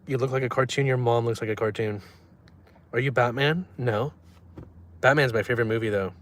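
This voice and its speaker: Young male streamer with a mid-pitched voice, deadpan and trolling, chatting casually with viewers from a car. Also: brisk. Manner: reads chat aloud and answers in a deadpan, trolling way. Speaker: livestreamer. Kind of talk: casual livestream chat.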